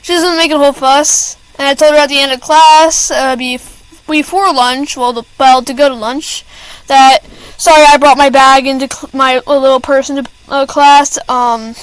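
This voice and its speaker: A teenage girl rants to the camera about school, her high-pitched voice holding a steady tone at a moderate pace. She rambles with plenty of fillers and restarts, pausing now and then to apologize. The recording is rough but has no echo.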